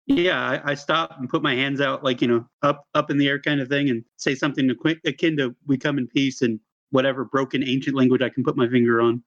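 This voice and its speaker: A man's voice: mid-range voice, fairly even intonation, fast, few pauses, fairly bright tone, dull audio. A man playing in a tabletop game, eager and rambling with fillers. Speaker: player. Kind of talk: tabletop role-play chat.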